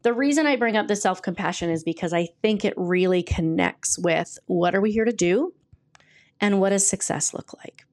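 A woman's voice: mid-range voice, moderate pace. A woman hosting her podcast and working as a coach, talking casually and with self-deprecating humor while she reads passages from a book. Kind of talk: casual solo podcast talk.

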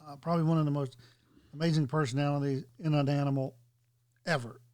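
A man co-hosting a casual podcast, stating firm opinions with emphatic pauses. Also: a little high, fairly even intonation, a little mellow. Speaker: podcast co-host. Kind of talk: casual chat.

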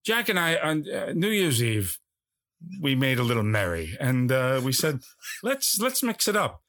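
A man's voice: mid-range voice, very animated, measured pace, a bit bright. A man doing an impression of a brash older male movie star over a phone call, profane and rambling as he spins a story. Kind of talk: comedy podcast impression.

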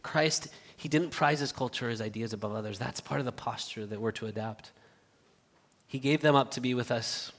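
A man preaching a sermon in a church, earnest and halting, swinging from loud appeals to hushed asides. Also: medium pitch. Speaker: pastor. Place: church sanctuary. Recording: reverberant church hall.

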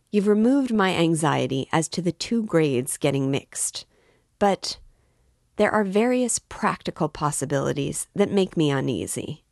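A woman's voice: sits low, gravelly, darkish tone, no room sound, studio quality, full character voice. A woman reading aloud, voicing a restless, sarcastic male magistrate who probes with fussy politeness.

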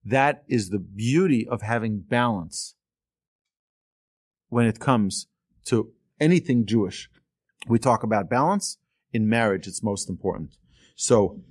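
Animated man telling a sermon story. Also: fairly low pitch, slow, pauses often, breathy edge, dry recording, clean studio sound. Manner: animated storyteller, acts out voices. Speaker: Torah teacher.

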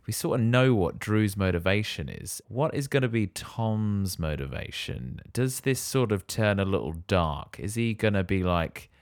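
A man's voice: lowish voice, expressive, normal speed, few pauses, dry recording, studio quality. A man co-hosting a casual podcast, reacting wryly and asking playful questions about a film. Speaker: podcast co-host. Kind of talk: casual chat.

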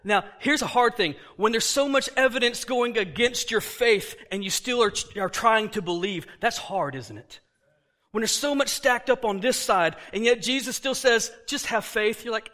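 Male pastor preaching to his church, lively, acts out scenes, high and bright voice. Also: moderate pace. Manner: animated, acts out dialogue, laughs often. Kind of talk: sermon.

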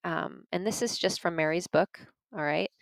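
A woman with a fairly low, gravelly voice teaches informally about parenting and emotions at a moderate pace, earnest and conversational, weaving in stories and speaking to "you guys." No echo is present, but the recording quality is low.

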